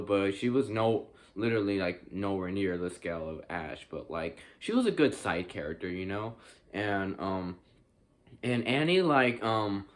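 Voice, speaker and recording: A man's voice: on the low side, fairly bright tone. A young man giving a casual spoken movie review, rambling with many fillers and restarts and swearing freely.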